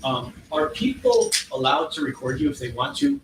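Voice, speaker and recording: A man cross-examining a witness in court, pressing with quick questions and demanding yes-or-no answers. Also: fairly high pitch, wildly swooping pitch. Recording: echoey, distant, noisy courtroom audio.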